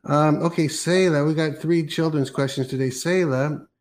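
A man's voice: fairly high pitch, steady tone, normal speed, darkish tone. A man in his sixties co-hosting a Christian talk show, musing aloud and often restarting his sentences. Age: 60s. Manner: musing, with many restarts and fillers. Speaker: co-host.

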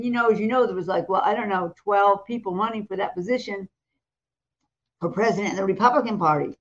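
An American woman co-hosting a talk show, telling a story in a lively way, acting out the voices of the people in it and laughing often. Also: mid-range voice, quick pace, highs cut off. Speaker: co-host and prophetic minister.

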